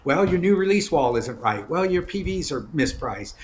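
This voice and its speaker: A middle-aged man, an executive guest in an interview, telling candid stories in a casual, animated way. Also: on the high side, normal speed. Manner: candid, storytelling, animated asides.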